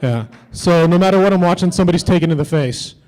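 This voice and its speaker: A man's voice: high voice, fast, a little mellow, poor audio. A man doing a stand-up comedy set on a convention stage, with edgy, teasing banter toward the crowd.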